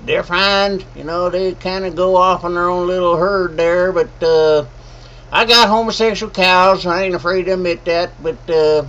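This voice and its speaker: A man's voice: sits high, fairly even intonation, normal speed, fairly bright tone. A man playing a folksy rural rancher who rambles with hesitant filler. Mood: rambling. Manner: drawling, rambling, folksy slang. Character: folksy rural old rancher chewing tobacco. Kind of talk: comedic monologue. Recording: dull lo-fi sound.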